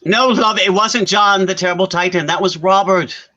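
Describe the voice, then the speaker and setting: A man giving a staged play reading as the affectionate companion of an aging actress, gently teasing and correcting her. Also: high-pitched, fairly even intonation, moderate pace, lo-fi sound.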